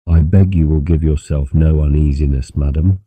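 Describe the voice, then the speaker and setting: A man's voice: extremely low pitch, fairly even intonation, normal speed, no room sound, narrow, tinny audio. Man as a grave ship captain. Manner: grave, formal.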